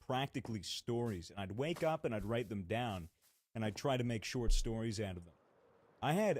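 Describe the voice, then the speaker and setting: A man's voice: medium pitch, a little mellow. A young man co-hosting a podcast, telling a long story in a rambling, casual way with many fillers and some swearing. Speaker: podcast co-host.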